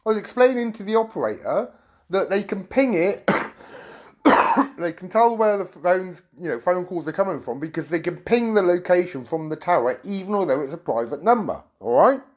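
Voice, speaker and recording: This middle-aged UK YouTube streamer has a high-sitting, expressive voice. He's agitated, rambling and swearing in an angry monologue as he recounts his story, with quick asides to viewers.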